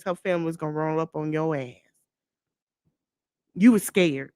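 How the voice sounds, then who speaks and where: A woman's voice: fairly low pitch, normal speed, clear, resonant tone, no room sound, clean studio sound. Mocking woman podcast host, blunt. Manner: blunt and mocking, laughs often. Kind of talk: gossip commentary.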